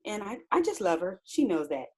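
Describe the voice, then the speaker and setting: Woman caller, middle pitch, halting and warm in her words. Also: big pitch swings, very noisy. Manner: hesitant, affectionate. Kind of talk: casual chat.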